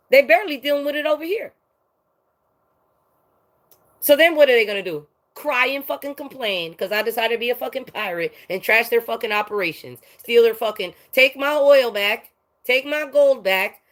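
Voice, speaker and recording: A woman giving a heated, profane monologue rant, swinging between loud outbursts and low muttering. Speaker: vlogger.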